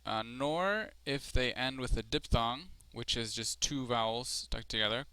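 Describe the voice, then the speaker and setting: Bright, crisp male Spanish teacher. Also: medium pitch, measured pace. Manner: explanatory, with frequent fillers and self-corrections. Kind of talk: screencast lesson.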